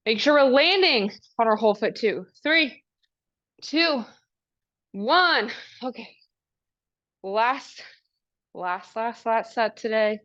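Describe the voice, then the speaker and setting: Upbeat female fitness coach, slow-paced cues. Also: on the high side, lively intonation, fairly bright tone. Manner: upbeat, encouraging cues with countdowns. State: out of breath. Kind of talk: live workout class instruction. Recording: dull lo-fi recording.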